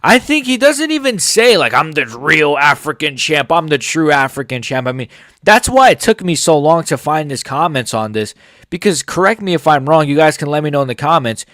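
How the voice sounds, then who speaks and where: An American man hosts a casual MMA commentary channel, reacting to clips and comments bluntly and with plenty of opinions and swearing. His voice sits a little high and is very animated and fairly bright, delivered at a moderate pace. The recording is clean studio sound with no room noise.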